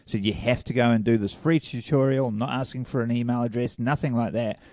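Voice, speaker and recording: A man's voice: mid-range voice, steady tone, brisk, darkish tone, dry recording, clean studio sound. A man co-hosting a casual podcast, hungover, rambling and self-deprecating, laughing often. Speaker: podcast co-host. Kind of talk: casual chat.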